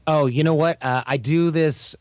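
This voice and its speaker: A man as a podcast guest, explaining casually in a quick, anecdotal way and often correcting himself mid-sentence. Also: a little high, steady tone, a little mellow, dry recording, lo-fi sound. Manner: quick, chatty, anecdotal, frequent self-corrections. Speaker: podcast guest, charm coach.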